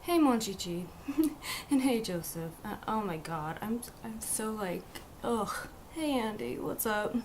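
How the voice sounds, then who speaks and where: A young woman talking casually to her live stream viewers through a webcam. Her voice sits fairly high, and she swears and stumbles over false starts. A faint room hum runs underneath. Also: expressive, a little mellow. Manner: frustrated, swearing, halting restarts. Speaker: livestreamer.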